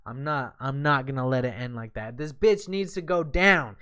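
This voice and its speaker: A man streaming a game live, tipsy and swearing loudly at the boss as he comments on his play. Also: medium pitch, moderate pace, clear, resonant tone. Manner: profane, yelling and cursing at the game. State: tipsy from drinks and smoking.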